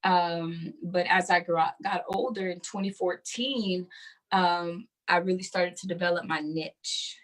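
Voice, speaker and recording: A woman author talking about her life in an interview, animated, with many fillers and easy laughter. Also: lowish voice, a little slow. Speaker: guest author. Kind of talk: conversational interview.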